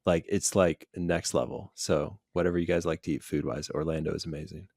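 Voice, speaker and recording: A man's voice: sits low, steady tone, brisk, darkish tone, dry recording, clean studio sound. A man talking as a psychiatrist guest in a casual podcast chat, loose and full of "like" fillers. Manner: loose, filler-heavy, lots of "like". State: busy parent.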